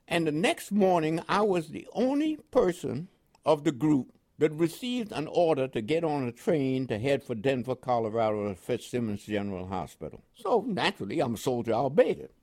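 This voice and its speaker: Animated older man telling a story. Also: mid-range voice. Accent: New York with West Indian inflections. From Panama. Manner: animated storyteller with laughs and quoted dialogue. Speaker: interviewee, veteran. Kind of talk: oral history storytelling.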